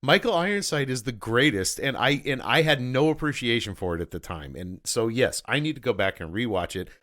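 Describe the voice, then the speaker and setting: A man's voice: mid-range voice, big pitch swings, fairly quick, fairly bright tone. A man co-hosting a casual film podcast, ranting animatedly and swearing freely. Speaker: podcast co-host. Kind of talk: casual film-review chat.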